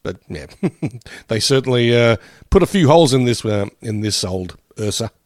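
A man co-hosts a podcast in casual conversation, laughing a lot and swearing freely. His mid-range voice is animated and darkish at a normal speed, recorded with studio quality and no room sound.

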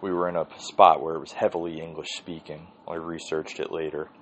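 A man's voice: very deep voice, level tone, brisk, a bit bright, slight background noise, rough recording. A man hosting his own podcast, telling a rambling, profane story in a casual solo monologue. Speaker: podcast host.

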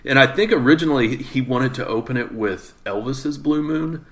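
A man co-hosting a casual film podcast, relaxed as he shares trivia. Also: mid-range voice, normal speed. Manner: knowledgeable, relaxed trivia sharing.

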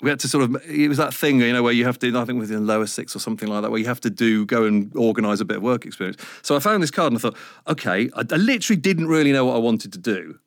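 A man's voice: medium pitch, very fast, no room sound, studio quality. A middle-aged man, telling a rambling, self-mocking story in a casual interview. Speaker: radio presenter guest.

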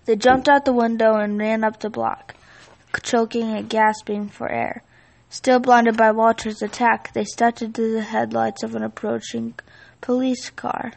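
A woman reads a children's picture book aloud. Her voice sits fairly high and carries some gravelly fry. Her delivery is steady and expressive, like a storyteller at bedtime. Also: a little slow, poor audio.

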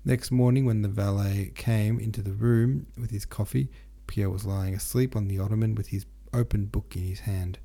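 A man's voice: fairly low pitch, fairly even intonation, moderate pace, gravelly, few pauses, dark tone. A man narrating a classic novel as an audiobook, reading steadily with occasional stumbles and restarts.

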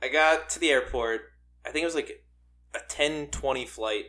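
A young adult man co-hosting a casual podcast, telling an animated, profane story and laughing often. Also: mid-range voice, normal speed. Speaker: podcast co-host. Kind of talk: casual chat.

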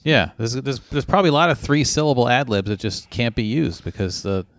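A man's voice: mid-range voice, fairly quick, fairly bright tone, dry recording. A man bantering and joking in a casual conversation about music.

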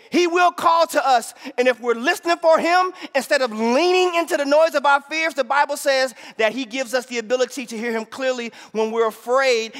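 A man preaching a sermon in a church hall, peppering it with "right?" and swinging between shouted lines and hushed asides. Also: extremely high pitch. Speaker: pastor.

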